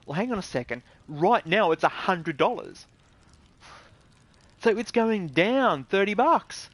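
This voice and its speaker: An Australian man rants about games in a casual, blunt and indignant way, swearing freely. His voice sits a little higher than most men's. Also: very animated, unhurried, dry recording. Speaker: gaming video creator. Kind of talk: casual ranting commentary.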